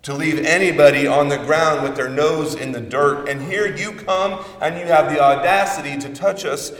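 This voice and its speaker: A man preaching a sermon in the form of a conversational prayer, measured, with dramatic pauses. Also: fairly high pitch, steady tone, fairly bright tone. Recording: roomy reverberant hall, voice from a distance.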